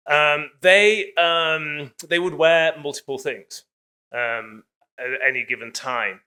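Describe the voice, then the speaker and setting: A man's voice: fairly high pitch, slow, bright, forceful tone, clean tone. A man giving a public lecture in a casual, digressive way, full of hedges and asides.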